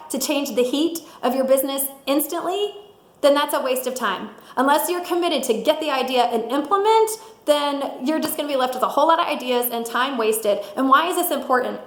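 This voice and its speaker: A middle-aged woman giving an energetic motivational talk, laughing often and acting out little quotes. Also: high voice. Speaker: sales director giving a mindset talk. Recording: roomy echo.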